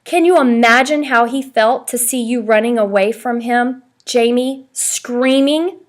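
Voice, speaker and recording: A woman's voice: fairly high pitch, unhurried, natural voice. A woman voicing a firm, scolding mother in a read-aloud storybook.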